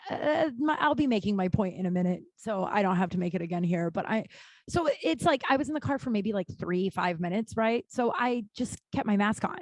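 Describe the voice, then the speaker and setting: A woman in her thirties talks through a casual solo podcast in a voice of ordinary middle pitch. She is candid and profane, restarting her sentences often and bursting into animated rants. The recording is close and dry with no room sound. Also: a little fast, no room sound. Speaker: podcast host.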